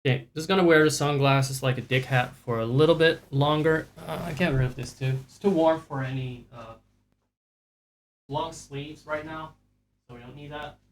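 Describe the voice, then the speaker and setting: A man's voice: fairly high pitch, steady tone, moderate pace. Sarcastic, rambling male streamer. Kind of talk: casual live-stream chat with viewers.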